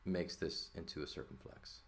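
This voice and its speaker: A man's voice: normal speed, fairly bright tone. A man teaching a lesson, explaining step by step at a board and often checking in with the listener. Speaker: Greek teacher.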